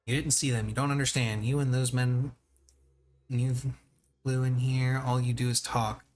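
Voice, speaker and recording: A man's voice: mid-range voice, flat delivery, normal speed, slight background noise, close to an everyday voice. A man voicing an angry young woman in a video game, a rich man's daughter, speaking bitterly and accusingly.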